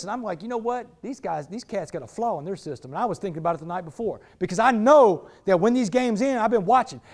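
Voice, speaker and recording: A man with a high-pitched voice delivers a motivational talk to a football team. He tells his story in an animated, streetwise manner, often calling the listeners "man" and "y'all.". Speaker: motivational speaker. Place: indoors, speaking to a football team.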